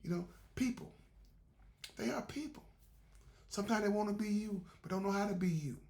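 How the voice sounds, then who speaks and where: A man's voice: sits high, normal speed, vocal fry, a little mellow. A man giving a faith-based motivational talk in a conversational, repetitive, preacherly way. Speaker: motivational speaker.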